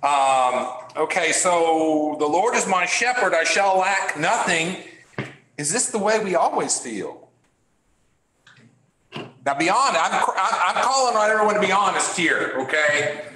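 A man leading a Bible class discussion, halting and repeating words as he asks the class questions. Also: high-pitched, expressive, pushed and bright. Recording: echoey room.

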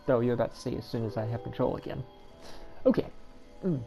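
A woman giving casual, chatty commentary as she plays through a game, with quick self-deprecating asides. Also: extremely low pitch, creaky, dark tone, soft background music. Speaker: gameplay commentator.

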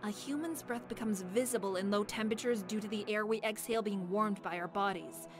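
An actress playing a calm female scientist in a horror game, explaining things evenly. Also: medium pitch, brisk, over music, natural voice.

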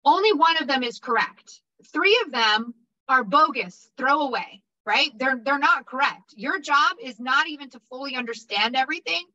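High, bright upbeat woman instructor. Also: animated, moderate pace, lo-fi sound. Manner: upbeat, repetitive, checks in with 'okay?'. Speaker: insurance exam prep instructor. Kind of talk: casual motivational teaching.

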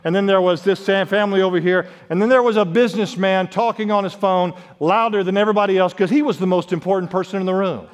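A man preaching a sermon as pastor, swinging between loud emphatic lines and quiet drops, quoting scripture. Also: steady tone, quick pace, hardly any pauses. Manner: preaching with sharp swings in pitch and volume, quotes scripture. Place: church sanctuary. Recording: long reverb of a worship hall.

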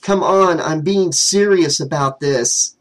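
A man doing Jimmy, a high, whiny young man. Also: slow. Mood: exasperated. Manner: exasperated, complaining, sarcastic.

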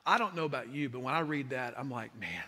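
A man preaching a sermon as a pastor, swinging from hushed tones to impassioned shouting. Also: mid-range voice, fast. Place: large church hall. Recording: long hall reverb.

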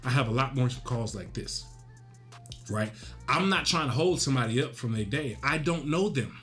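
A man's voice: medium pitch, animated, moderate pace, fairly bright tone, soft background music. A man hosting a real estate coaching video, talking straight to the point and punctuating his points with tag questions. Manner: direct, emphatic, frequent "right?" tag questions. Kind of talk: casual instructional talk.

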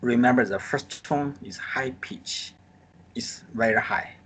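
Slow, husky Chinese-accented teacher. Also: male voice, mid-range voice, a bit bright. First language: Mandarin Chinese. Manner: drills pinyin syllables with exaggerated tones, non-native English phrasing. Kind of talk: live online group lesson. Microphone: video call.

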